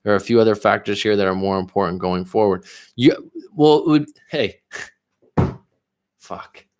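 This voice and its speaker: A man's voice: on the low side, expressive, moderate pace, a little mellow. A man coaching viewers on a livestream, reading their comments aloud and answering them bluntly, with frequent swearing. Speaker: relationship coach.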